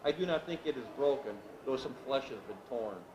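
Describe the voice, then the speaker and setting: A man voicing a serious, inquisitive young peasant in a read-aloud story, measured and plain-spoken. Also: medium pitch, animated, lightly acted. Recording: echoey room with background noise.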